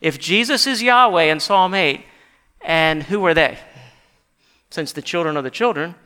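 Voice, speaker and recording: A man preaching a sermon in a church, animated and rising to shouts when he quotes scripture. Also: on the high side, unhurried, clear, resonant tone, big-room sound. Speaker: pastor.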